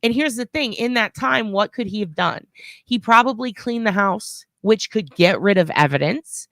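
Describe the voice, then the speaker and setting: A woman commenting on a crime case in casual chat, animated and acting out scenes in quoted voices. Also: medium pitch, normal speed, no echo.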